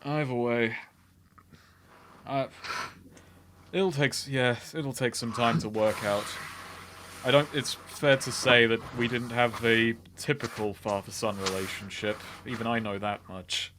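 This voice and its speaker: A man in the middle of a tabletop session, all loose banter and easy profanity. His pitch sits right in the middle for a man, and his talk is sprinkled with offhand jokes. A faint hiss and the odd click sit under the voice. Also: fairly even intonation. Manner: swears freely, quick jokey banter. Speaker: tabletop player. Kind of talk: casual game-table chat.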